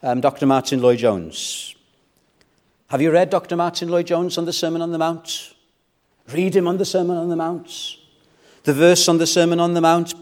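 A man preaching an evening sermon as pastor, measured in delivery and building to fervent exhortation. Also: on the high side, steady tone, a little mellow.

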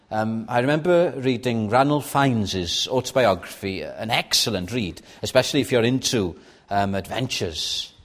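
Guy preaching a sermon, slow and earnest, voice swings up and down a lot, gets urgent. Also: mid-range voice, fairly bright tone. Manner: earnest, rising to urgent pleading; reads scripture aloud with slow emphasis.

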